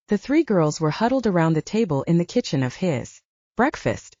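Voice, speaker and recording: A woman narrating a romantic mystery audiobook with steady storytelling. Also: lowish voice, normal speed, dry recording, muffled recording.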